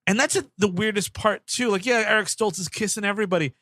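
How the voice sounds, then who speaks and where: A man's voice: high voice, quick pace, sharp tone, dry recording, clean studio sound. A man co-hosting a casual movie podcast, talking loosely with lots of laughs and swearing. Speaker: podcast co-host. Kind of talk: casual movie-review banter.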